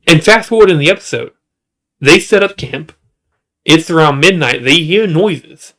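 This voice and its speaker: A man's voice: expressive, measured pace, a bit bright. A man casually recapping a show's season with jokes, asides and restarts. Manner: rambling, jokey, with asides and restarts; works up into high-pitched exasperation. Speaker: show reviewer.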